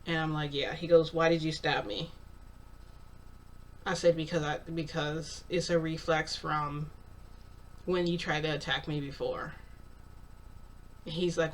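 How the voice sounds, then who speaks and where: A woman's voice: low-pitched, flat delivery, slow pace, pauses often, distant mic, slight background noise. A woman casually retelling a story in the first person, narrating dialogue with lots of "I'm like" and "he's like". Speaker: channel host telling a story.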